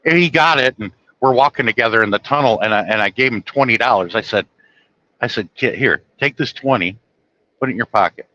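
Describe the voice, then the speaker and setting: A middle-aged man from the United States tells rambling stories in a bright, forceful voice, chuckling often and livening up when he quotes people. The sound is a bit dull and lo-fi. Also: mid-range voice, a little fast. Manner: chuckling often, animated when quoting others. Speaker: trucker telling stories. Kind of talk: casual storytelling monologue.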